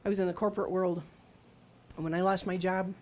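A woman's voice: lowish voice, little pitch movement, brisk, a little mellow. A middle-aged woman preaching a sermon in a conversational, humorous storytelling way, acting out quotes as she goes.

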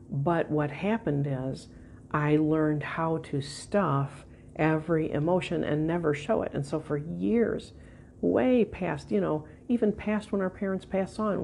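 A woman's voice: low-pitched, creaky, slight background noise. A woman giving a Christian teaching session, sharing a personal testimony in a conversational storytelling way. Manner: conversational storytelling with soft laughs and restarts.

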